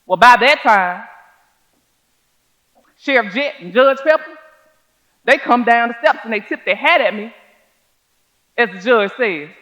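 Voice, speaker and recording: A woman's voice: on the high side, lively intonation, a bit bright, rough recording. A woman playing a dignified older schoolteacher. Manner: measured, folksy storytelling with drawn-out phrasing. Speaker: stage performer. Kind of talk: one-woman stage monologue. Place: theater stage.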